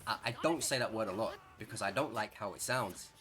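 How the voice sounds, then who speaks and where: A young man with an English accent giving chatty, excitable gameplay commentary, rambling and correcting himself as he plays. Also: fairly low pitch, fairly quick. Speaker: gaming streamer.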